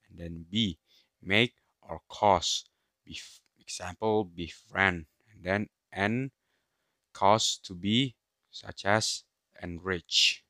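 Young male student presenter, low voice, slow halting read, dry sound. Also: a bit bright, dry recording. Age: young adult. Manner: slow, halting reading of a list. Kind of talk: reading a class presentation.

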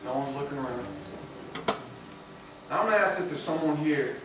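A man preaching a sermon, emphatic, swinging between loud peaks and hushed low passages. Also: animated, normal speed. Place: church sanctuary. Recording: echoey church from far off, noisy.

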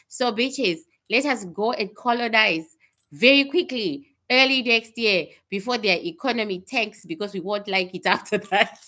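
A woman psychic giving blunt, swearing predictions, with laughing asides and questions she answers herself. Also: medium pitch. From Canada. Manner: animated, asks and answers itself. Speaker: psychic reader.

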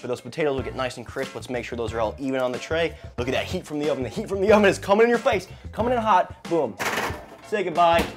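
A man's voice: on the high side, animated, fast talker, over music. Upbeat man cooking in a kitchen. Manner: upbeat, playful, swears casually. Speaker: chef and show host. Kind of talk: casual cooking vlog.

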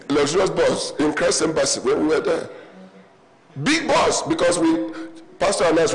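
A man's voice: fairly high pitch, rough recording. A man preaching a sermon in a church auditorium, telling humorous stories and calling the congregation to respond. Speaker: pastor.

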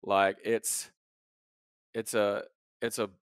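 Young man, casual podcast chat, rambling and sweary, smooth low voice, dry sound. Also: little pitch movement, takes it slowly, no echo. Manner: rambling, swears a lot, trails off. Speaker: podcast co-host.

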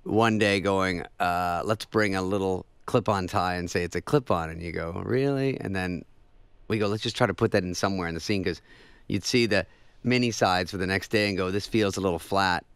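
A male comedian telling casual anecdotes on a talk show, dry and quick, dropping into voices for the people in his stories. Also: deep voice, clean tone, no echo. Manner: dry storytelling, mimics others in quick voices. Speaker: comedian guest.

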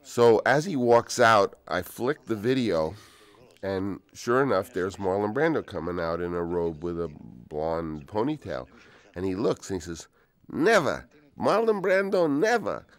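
A man in his sixties telling anecdotes in a relaxed, rambling way for a film commentary, dropping to soft-spoken asides. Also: low voice, unhurried. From United States. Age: 60s. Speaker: film director. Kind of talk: DVD audio commentary, anecdotal storytelling.

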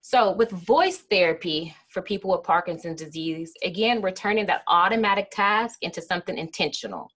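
A woman giving an educational lecture on speech and voice therapy, explaining in a relaxed way with frequent fillers. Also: fairly low pitch, moderate pace, few pauses. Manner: explanatory, with frequent "um" and "kinda", acting out example phrases.

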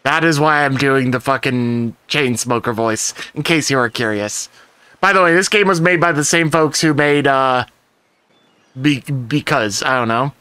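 Bright-voiced man in casual gaming banter. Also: medium pitch, clear, resonant tone, no echo. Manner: casual and profane, with quick explanations. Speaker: co-player guest.

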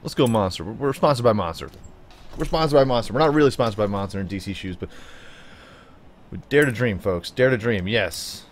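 With lively intonation and a fairly quick pace, a man offers playful, chatty gameplay commentary. The gaming YouTuber talks to his car and viewers alike, jumping into high, silly tones.

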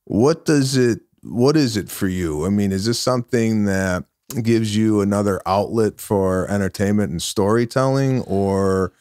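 A man who is a comedian guest on a podcast, chatting casually and often pausing to search for words. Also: fairly low pitch, a little mellow, no room sound, clean studio sound. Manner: halting, searching for words with many uhs. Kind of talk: casual chat.

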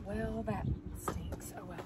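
A woman's voice: on the high side, little pitch movement, slow, noisy background. A woman chatting casually to the camera while doing chicken chores outdoors and talking sweetly to her hens. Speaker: chicken keeper vlogger. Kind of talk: casual vlog narration during chores. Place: outdoors at a chicken coop in freezing weather. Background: clucking chickens.

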